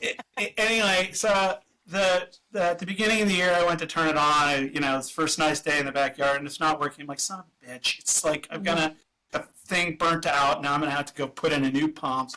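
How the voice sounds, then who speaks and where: A man with a bright, slightly raised voice tells an animated, self-deprecating story as a podcast guest. He talks casually over a video call. A faint hiss sits under him. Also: fairly high pitch, fast, poor audio. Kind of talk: casual chat.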